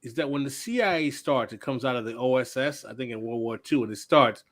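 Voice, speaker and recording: A man in a casual podcast chat, telling anecdotes with animated asides. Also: mid-range voice, fairly quick, a loud crowd.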